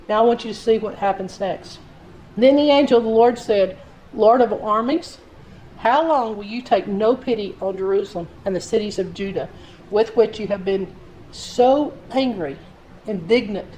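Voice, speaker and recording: A woman preaches in a medium-pitched voice, reading Bible passages and then explaining them. She talks to her listeners in a direct, earnest, conversational way. There is a faint hiss of noise underneath. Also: darkish tone, poor audio. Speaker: Bible teacher. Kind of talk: sermon reading and explaining scripture.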